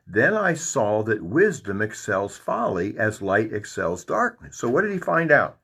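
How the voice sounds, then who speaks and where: A man teaching a Bible study, reading verses and then commenting on them in an animated, lively way. His voice is husky, with a mid pitch that swings widely up and down. He keeps an informal, folksy manner. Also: a little slow, few pauses.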